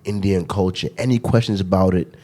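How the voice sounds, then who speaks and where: Fast-talking deep-voiced man, podcast host. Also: steady tone, a little mellow. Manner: rambling, laughing, filler-heavy. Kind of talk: casual podcast chat.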